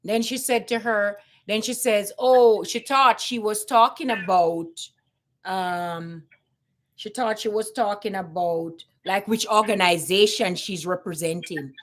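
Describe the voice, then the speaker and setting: A woman's voice: mid-range voice, unhurried. A woman with a Jamaican accent talking casually on a live stream, emphatic, repeating points and asking rhetorical questions.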